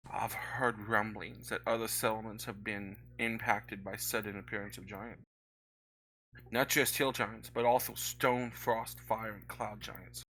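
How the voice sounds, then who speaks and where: A man voicing Maxine, a worried middle-aged woman at an inn who speaks in a soft, earnest way. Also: lowish voice, fairly even intonation, a little slow, voice pushed down, poor audio.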